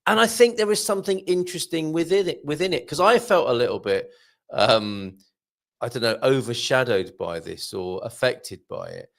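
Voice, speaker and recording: A man's voice: medium pitch, moderate pace, vocal fry, a bit bright. A man hosting a live chat show, prompting his guests with questions and laughing easily. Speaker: show host.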